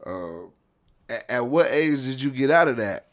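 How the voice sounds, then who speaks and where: A male interviewer with a middle-pitched voice speaks in an easygoing, slangy way. He asks short questions, breaks in now and then to agree, and keeps the talk relaxed. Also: a little slow. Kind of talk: casual interview.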